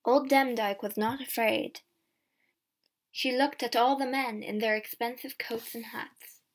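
A woman narrates a storybook in a plain, measured reading voice. Her pitch sits somewhat high. She reads each line evenly and clearly. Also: steady tone. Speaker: audiobook reader. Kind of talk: scripted narration.

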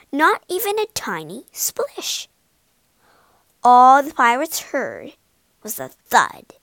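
A woman tells a storybook slowly and theatrically, slipping into whispers for suspense. Her voice is high and sings across a wide pitch range, in a close, dry recording. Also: a bit bright, dry recording. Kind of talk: storybook narration.

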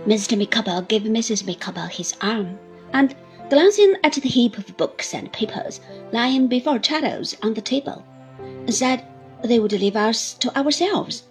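A woman reading a classic novel aloud in expressive, measured narration. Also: on the high side, soft background music, rough recording. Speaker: audiobook reader. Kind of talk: scripted narration.

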